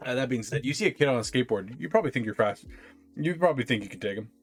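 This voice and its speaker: A man's voice: mid-range voice, animated, rapid-fire, breathy edge. Guy gm narrating a tabletop game, loose and jokey, mid voice, faint music behind. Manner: laughing often, loose and joking. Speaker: game master.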